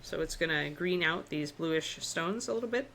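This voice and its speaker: A woman teaching miniature painting on a live stream, relaxed and chatty, thinking aloud as she works. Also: deep voice, normal speed, slight background noise.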